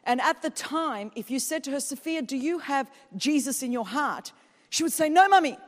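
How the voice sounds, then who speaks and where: An Australian woman in her thirties preaching a lively sermon, telling stories and building to loud, fervent peaks. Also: high-pitched, big-room sound. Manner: animated storytelling, swinging from quiet to loud and fast.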